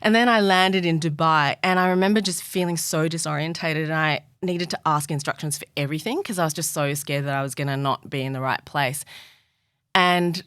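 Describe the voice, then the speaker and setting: Low-pitched woman guest, lively candid storyteller, dry studio mic. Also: brisk, smooth, dry recording. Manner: animated storyteller, laughs often, acts out quotes. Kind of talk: candid podcast conversation.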